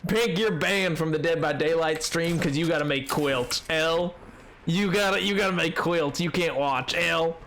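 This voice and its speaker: A young man with a cold, streaming a game live and talking with his chat in an animated, exasperated, joking way. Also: on the high side, normal speed, a little hiss or hum. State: has a cold. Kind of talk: live gameplay commentary.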